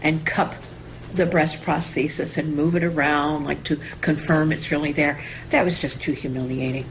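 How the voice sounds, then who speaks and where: Give me a low-pitched woman speaking slowly and painfully. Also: steady tone, slight background noise, low-quality recording. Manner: slow, pained. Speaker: interviewed traveler. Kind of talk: interview soundbite.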